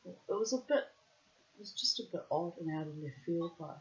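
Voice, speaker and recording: A woman's voice: on the low side, animated, a little fast. A middle-aged woman telling a personal story in a wry, dramatic, digressive way, with florid wording. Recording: dull lo-fi recording.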